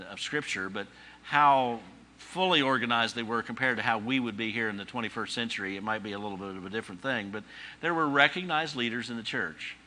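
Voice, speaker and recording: Bright-voiced man teaching a sermon. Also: fairly low pitch, slight background noise. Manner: conversational teaching with rhetorical questions and dry humor; emphatic repetition, rising on key phrases. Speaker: pastor.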